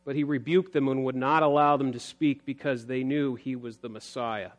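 A man preaching a sermon as a pastor, earnest, building emphasis and then dropping low, with scripture read aloud. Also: fairly even intonation, moderate pace.

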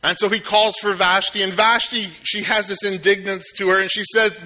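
A man preaching a sermon in a relaxed, conversational way, retelling a story with joking asides. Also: sits high, normal speed, few pauses. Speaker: pastor.

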